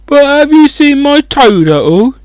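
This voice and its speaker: A man's voice: very high voice, very animated, unhurried, a little mellow, no echo, voice pushed up, heavily acted. A man voicing a tearful, timid boy who has lost his pet toad, speaking in a whiny, miserable way. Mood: pleading.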